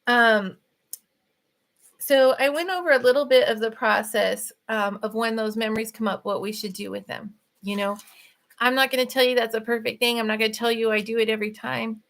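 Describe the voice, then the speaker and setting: Fast-talking, bright-voiced woman. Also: creaky. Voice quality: voice runs high. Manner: fast, animated, laughs often. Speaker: author and podcast host. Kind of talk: casual spiritual talk.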